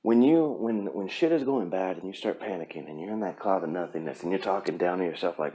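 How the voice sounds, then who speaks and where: A man's voice: sits low, animated, fast talker, few pauses, dark tone. Blunt, cussing male podcast host. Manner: blunt, profane, pep-talk delivery. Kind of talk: casual motivational podcast monologue.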